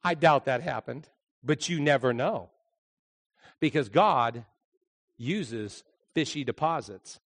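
A man preaching a sermon as a pastor, telling a story with animated delivery and acted-out voices. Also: medium pitch, slow, long pauses, long reverb tail.

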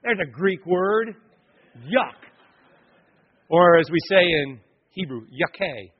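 A man's voice: high voice, expressive, slow pace, slightly rough, narrow, tinny audio. A man preaching a sermon, telling personal stories with joking asides to the congregation. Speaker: pastor.

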